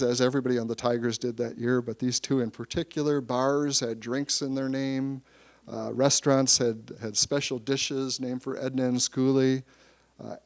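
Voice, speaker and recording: A middle-aged man from Michigan, an author giving a public talk, telling lively anecdotes with frequent restarts. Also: medium pitch. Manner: storytelling with restarts, livening up for anecdotes.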